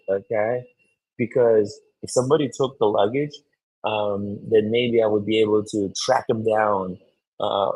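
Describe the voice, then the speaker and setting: Male streamer, husky low voice, slow rambling chat, excitable, swears a lot. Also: rough recording. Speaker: streamer host. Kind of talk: casual live-stream chat.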